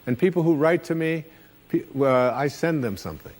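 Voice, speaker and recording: Man, inspirational lecture, lively swooping voice, slightly high pitch, long reverberant echo. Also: moderate pace. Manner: animated, repeats phrases for emphasis. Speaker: self-help speaker.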